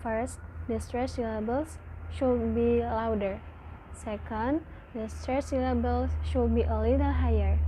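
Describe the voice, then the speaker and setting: A woman's voice: on the high side, background noise. A woman student giving a class presentation, counting through numbered word examples and breaking each into syllables.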